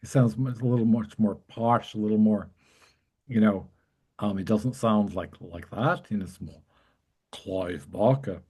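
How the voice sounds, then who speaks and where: A man hosting a casual chat, talking in an excited, rambling way with frequent laughs. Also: on the low side, unhurried, slightly rough. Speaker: host.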